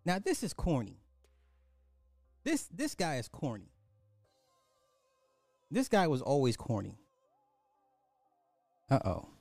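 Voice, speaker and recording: A man's voice: fairly high pitch, huge pitch swings, slow, gravelly, long pauses, darkish tone, dry recording, soft background music. A man giving reaction commentary, rambling and trailing off mid-sentence.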